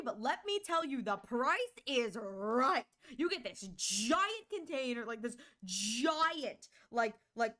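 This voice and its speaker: Young woman streamer, high-pitched, chatty and animated, squealing as she tells stories. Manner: animated storytelling with squeals and many "like"s. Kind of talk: casual chat.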